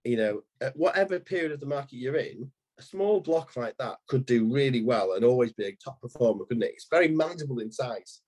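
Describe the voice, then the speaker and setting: A man's voice: mid-range voice, expressive, fairly quick, darkish tone. A man in his thirties, an estate agency owner, telling a long anecdote in a podcast interview, rambling with frequent restarts.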